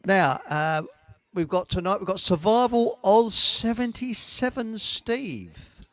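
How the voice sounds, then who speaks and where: A man's voice: high voice, lively intonation, takes it slowly, a bit bright, dry recording. An older man hosts a live online talk show, rambling casually in a salty, chuckling way. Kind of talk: casual live-stream chat and joke telling.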